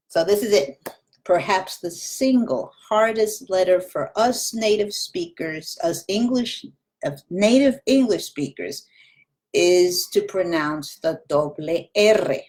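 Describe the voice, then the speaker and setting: A woman's voice: mid-range voice, animated, slow pace, darkish tone. A woman Spanish teacher giving a recorded lesson, patiently repeating practice words and demonstrating sounds.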